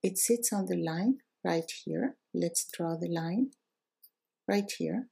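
Slow, gravelly-voiced woman teaching. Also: fairly low pitch, warm tone. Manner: patient, step-by-step explaining with drawn-out example words. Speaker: Arabic teacher. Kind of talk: recorded language lesson.

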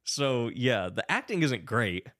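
A man's voice: medium pitch, sing-song, a little slow, a bit bright, no room sound. A young man in casual podcast chat, recapping a movie with swearing and mocking impressions.

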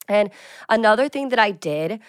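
A woman's voice: mid-range voice, lively intonation, normal speed, dry recording, studio quality. A woman in her twenties hosting her own show, chatting casually and upbeat through business tips, with lots of filler words. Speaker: fitness creator and show host.

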